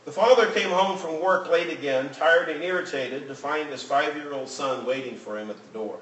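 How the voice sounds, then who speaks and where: A man's voice: fairly high pitch, moderate pace, hardly any pauses, a bit bright, slight background noise. A man teaching a Bible class in an earnest tone, reading scripture aloud to the group. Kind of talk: Bible lesson. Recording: roomy room, mic at a distance.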